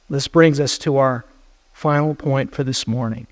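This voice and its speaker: A man's voice: medium pitch, a little slow, no echo. A man preaching a sermon as pastor, earnest and urgent as he exhorts his listeners.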